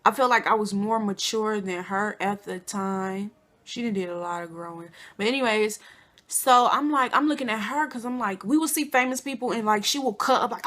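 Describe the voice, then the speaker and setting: A young woman from Flint, Michigan, telling a storytime to her viewers in a chatty, animated way. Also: mid-range voice, a little fast. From Flint, Michigan, USA. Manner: chatty, addresses viewers as y'all and girl, animated quotes. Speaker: vlogger. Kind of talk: casual storytime.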